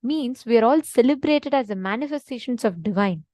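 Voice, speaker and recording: A woman's voice: a little high, expressive, brisk, dark tone, dry recording, poor audio. A woman leading a devotional teaching session, earnest and emphatic, often repeating her main points. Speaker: spiritual teacher.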